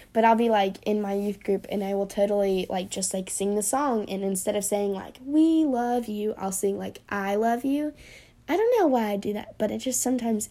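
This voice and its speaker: A young woman talks through a casual faith podcast in a chatty, earnest way, full of likes and ums. She half-sings song lyrics now and then. On heartfelt lines her voice drops to a hushed near-whisper. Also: medium pitch. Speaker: podcast host.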